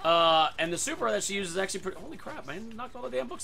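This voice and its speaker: A man hosting his own gaming channel, giving live commentary over a match and breaking into loud excited outbursts. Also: high voice, fast, gravelly. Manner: excitable, loud outbursts and yelling at other players. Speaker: gaming video host. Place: home room.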